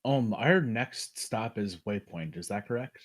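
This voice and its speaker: A man's voice: fairly low pitch, animated, a little slow. A man playing a tabletop game, joking casually in character. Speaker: player. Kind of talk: casual tabletop role-play.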